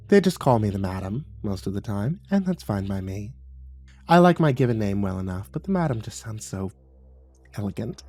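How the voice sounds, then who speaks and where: A man voicing a sly woman cult leader who talks in a soft, purring murmur. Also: fairly low pitch.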